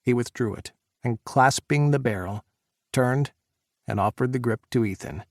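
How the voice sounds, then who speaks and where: A man narrating an audiobook in a measured, even reading voice. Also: mid-range voice.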